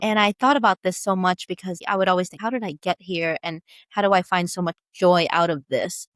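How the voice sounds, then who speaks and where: A woman guest, a brow tattoo business founder, telling her personal story in an interview in emphatic, animated bursts. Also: on the low side, no echo, clean studio sound.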